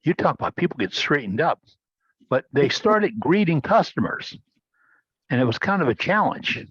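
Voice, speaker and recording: A man's voice: fairly high pitch, sing-song, moderate pace, a bit bright, husky, no echo. A man hosting a casual video-call meeting, telling a rambling story with many restarts. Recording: dull, dry video-call audio.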